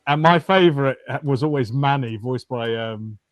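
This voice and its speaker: A man guest on a film podcast, animated and laughing often as he chats. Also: medium pitch, moderate pace, no room sound. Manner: animated, laughs often, quotes lines in voices. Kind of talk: casual film discussion.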